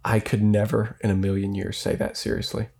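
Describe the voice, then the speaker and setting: Mellow low-voiced priest co-host. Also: male voice, little pitch movement, vocal fry. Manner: playful, reads prayers aloud in a slow measured cadence. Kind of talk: casual religious podcast chat.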